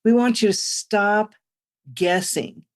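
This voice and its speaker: A woman who is a business coach, guesting on a podcast and speaking in a measured, encouraging way. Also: medium pitch, steady tone. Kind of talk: casual podcast chat.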